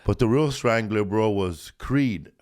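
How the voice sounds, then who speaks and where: A man's voice: fairly low pitch, unhurried, darkish tone. A man co-hosting a casual podcast, rambling and swearing with lots of restarts and fillers. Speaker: podcast co-host.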